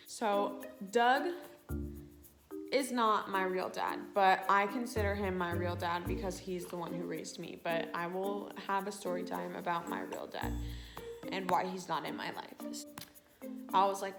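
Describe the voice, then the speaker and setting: A woman's voice: mid-range voice, expressive, normal speed, over music. A woman in her late teens, a vlogger telling a personal storytime in a chatty way, full of fillers and quoted asides. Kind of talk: casual storytime.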